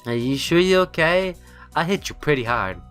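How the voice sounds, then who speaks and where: A man voicing a worried, apologetic short teenage girl while reading a visual novel aloud, putting on a high-pitched, flustered voice. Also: expressive, normal speed, fairly bright tone, clean tone, faint music behind.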